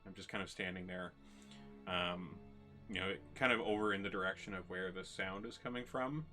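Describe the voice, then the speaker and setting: A man narrating a tabletop game as game master, in a halting way with many ums and restarts. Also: sits low, steady tone, pushed and bright, faint music behind.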